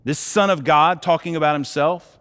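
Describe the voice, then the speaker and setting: Male pastor, high voice, lively casual storytelling sermon, long church-hall reverb. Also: normal speed, smooth. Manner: animated storytelling with casual slang. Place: church auditorium.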